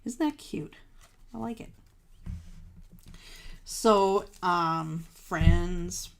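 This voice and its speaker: A woman hosts a live crafting stream in a lowish voice with vocal fry, speaking extremely slowly and pausing at length. She chats casually with viewers, gushes over her supplies, and laughs at herself.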